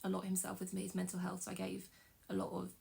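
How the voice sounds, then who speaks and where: A young woman tells a painful story from her own life, her voice heavy with gravel and fry. She speaks in an emotional, halting way, stopping often and starting over. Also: mid-range voice, completely flat delivery, darkish tone. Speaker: vlogger. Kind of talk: personal storytelling vlog.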